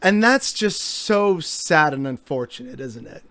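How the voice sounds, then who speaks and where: A man's voice: on the high side, animated, measured pace, fairly bright tone, no echo. A man delivering an exasperated, sarcastic commentary monologue as a vlogger.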